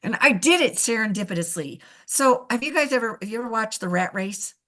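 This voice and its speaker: A middle-aged woman, a veterinarian guest, telling animated stories in casual chat and often laughing. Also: fairly high pitch, a little fast. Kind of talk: casual storytelling.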